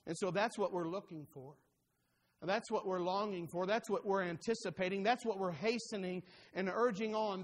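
A male pastor preaching a sermon, rising to fervent urging and dropping low and quiet. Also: moderate pace, in a large hall.

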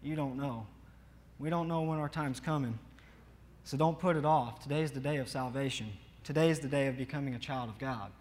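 Earnest preacher in an echoing church. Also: male voice, medium pitch, normal speed, a little mellow. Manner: earnest, emphatic, urging the congregation. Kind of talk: sermon.

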